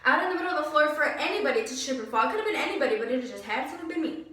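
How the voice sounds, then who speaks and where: A young woman telling a story in a casual vlog, animated and exasperated, full of "like"s and sighs. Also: a little high, fast, far from the mic, slight background noise. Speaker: vlogger. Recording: very echoey room, voice away from mic.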